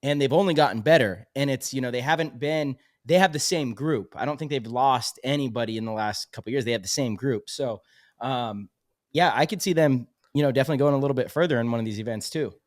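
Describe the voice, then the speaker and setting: Man, podcast host, relaxed and agreeable, mid pitch, dry sound. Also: fast, dry recording. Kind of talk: casual podcast chat.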